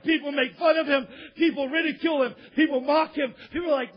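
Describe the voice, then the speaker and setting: A man preaching a sermon, telling a parable with acted-out voices and often shouting. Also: very high voice, brisk, few pauses, dull audio. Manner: animated storytelling, often shouting.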